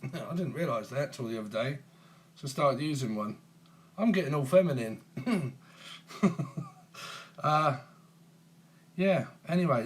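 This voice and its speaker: A man in his forties hosting a casual live stream on his phone, chatting with viewers in a teasing, jokey way and chuckling often. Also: mid-range voice. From England. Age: 40s. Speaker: tarot channel host.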